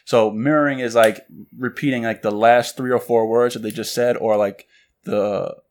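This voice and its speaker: A man co-hosting a relaxed chat, talking loosely with many fillers and acting out quoted lines. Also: medium pitch, moderate pace. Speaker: podcast co-host. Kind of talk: casual chat about books.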